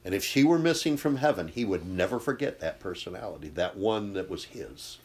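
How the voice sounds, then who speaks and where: A man preaching a sermon, impassioned, swinging from loud bursts to hushed intensity. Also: fairly low pitch, animated, a little fast.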